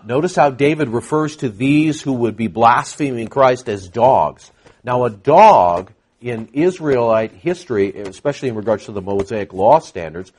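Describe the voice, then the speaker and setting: An animated male preacher working through scripture verse by verse. His pitch swings widely as he acts out the dialogue, and he fills the gaps with frequent fillers. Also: slightly rough. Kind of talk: expository sermon.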